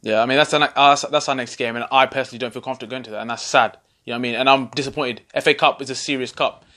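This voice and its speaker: A man talks football in a casual fan chat, earnest and conversational. His words come out at a brisk clip in a middle-pitched voice. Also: fairly even intonation, sharp tone. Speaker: football fan channel host.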